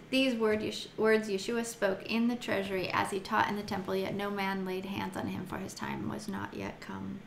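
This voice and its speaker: A woman's voice: medium pitch, lively intonation, normal speed, creaky, few pauses. Woman, Bible study teacher, casual, giggly, reads scripture and muses, roomy echo. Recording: echoey room with faint noise.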